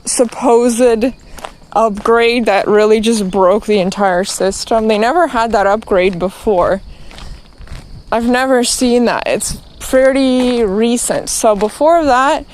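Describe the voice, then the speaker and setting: A woman's voice: fairly high pitch, darkish tone, a little hiss or hum. A woman streamer ranting, exasperated and profane, rambling along with many restarts. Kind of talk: ranting to camera.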